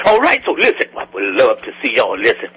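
An older man, a gospel singer, gives a folksy, animated spoken invitation to a concert and keeps calling out to his listeners. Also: medium pitch, fast, a little hiss or hum. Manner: folksy and animated, calls out "y'all" constantly. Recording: dull lo-fi recording.

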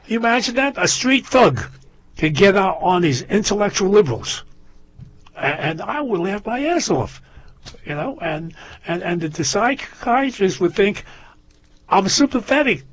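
An older man in casual chat, a rambling storyteller who restarts his sentences often, husky in a lo-fi muffled recording. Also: on the high side. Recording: lo-fi muffled audio.

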